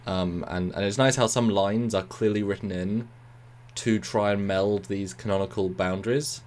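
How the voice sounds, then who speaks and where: A man co-hosting a casual review chat, talking in animated bursts and repeating words. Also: fairly low pitch, normal speed. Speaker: co-host of a review show.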